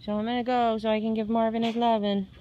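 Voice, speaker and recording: A woman's voice: on the high side, level tone, quick pace, dark tone, dull audio. A woman filming her cat and talking to it in cooing, sing-song baby talk. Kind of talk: casual home video. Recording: noisy home camera recording.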